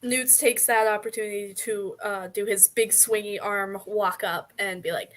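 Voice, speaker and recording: A woman's voice: medium pitch, fairly even intonation, normal speed, fairly bright tone. A woman playing a tabletop game, teasing her friends in a playful manner. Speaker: player.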